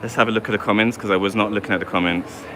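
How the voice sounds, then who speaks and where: Man, London accent, lowish voice, casual live-stream chat, outdoors on a street, faint traffic behind. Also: fairly even intonation, very fast. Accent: London English. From England. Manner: chatty, reads viewer comments aloud. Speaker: vlogger.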